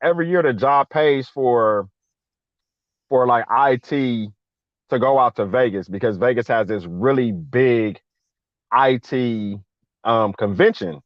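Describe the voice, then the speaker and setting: A man with a mid-range voice, a guest veteran, speaks a little slowly as he shares a long personal story in casual chat. He leans on slang and animatedly acts out quoted voices; the sound is dull and lo-fi, dry with no room sound.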